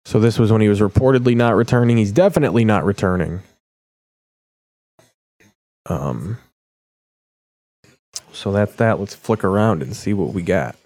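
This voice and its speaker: Here a man hosting a podcast chats jokingly while changing channels, rambling and cursing freely. His fairly low, darkish voice moves at a moderate pace with frequent pauses, captured in a dry recording.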